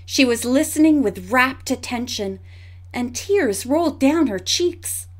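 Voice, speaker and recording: A woman narrating a mystery audiobook in a clear, measured storytelling voice. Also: high voice, expressive.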